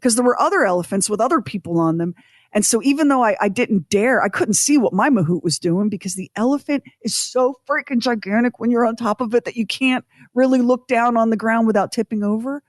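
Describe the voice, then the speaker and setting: A woman co-hosting a podcast, telling a personal story in an animated, self-deprecating way with acted-out quotes. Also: a little high, fairly quick, dry recording, clean studio sound. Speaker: podcast co-host.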